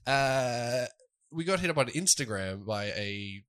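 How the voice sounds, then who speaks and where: A man's voice: mid-range voice, lively intonation, measured pace, a bit bright. A man co-hosting a podcast, rambling and laughing through casual banter with his friends. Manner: laughing, rambling, self-deprecating. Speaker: podcast co-host.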